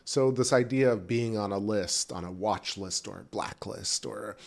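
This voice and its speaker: Sitting on his back porch at home, a livestream host munches on food while rambling chattily to viewers. He has a fairly low voice with vocal fry and keeps a moderate pace.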